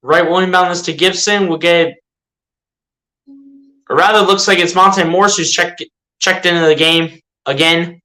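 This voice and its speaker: A fan doing live basketball play-by-play speaks at normal speed with frequent pauses, his medium-pitched voice steady yet bright and forceful, on a low-quality recording. Exasperated, he chats along, lobbing rhetorical questions at the team and often restating or correcting himself.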